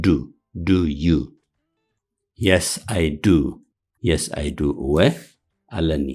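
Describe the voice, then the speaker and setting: A man with a very low, deep voice gives a beginners' English lesson. He speaks quickly overall and slows right down to repeat each practice phrase. Soft music plays behind him. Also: husky. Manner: repeats English phrases slowly and loudly, then explains quickly in another language. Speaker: English teacher.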